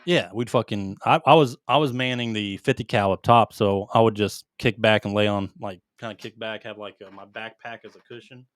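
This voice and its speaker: A man, co-hosting a casual podcast and telling stories in a loud, animated way, swearing constantly. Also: lowish voice, a little fast, hardly any pauses, no room sound, clean studio sound. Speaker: podcast co-host, military veteran. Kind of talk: casual profane storytelling.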